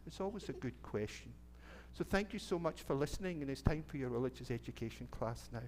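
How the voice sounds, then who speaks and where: A man's voice: medium pitch, animated, fairly quick, a little mellow, slight background noise. A middle-aged Scottish man, a minister, telling a children's story in church in a chatty, playful way and asking the children questions. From Scotland. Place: church sanctuary.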